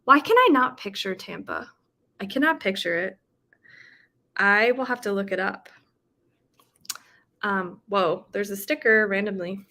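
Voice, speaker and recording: A woman talks casually to her livestream viewers, reading out their comments and chatting back. Her voice is bright and clear, with a middling pitch. She fills the gaps with ums and short laughs. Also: unhurried, long pauses. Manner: chatty, with frequent fillers and laughs. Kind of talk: casual chat.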